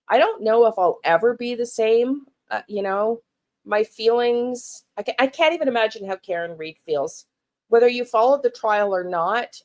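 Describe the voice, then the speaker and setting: Middle-aged canadian woman venting on her true crime vlog, keeps restarting and repeating herself, blunt and frustrated, swears casually. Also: mid-range voice. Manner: halting and emotional, frequent restarts and repeated words. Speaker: true crime channel host. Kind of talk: personal vlog monologue.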